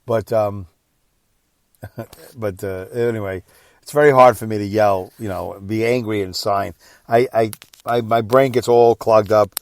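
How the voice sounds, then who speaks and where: A tired, exhausted man hosting a podcast, telling a personal story in a rambling, emotional way that swings between quiet and loud. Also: fairly low pitch, steady tone, measured pace, long pauses, no echo. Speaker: podcast host.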